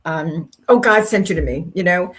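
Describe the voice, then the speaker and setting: An older woman co-hosting a faith-based talk show, chatting casually and telling animated stories with acted-out dialogue. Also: lowish voice, moderate pace, husky. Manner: animated storyteller, acts out quoted speech. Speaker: co-host.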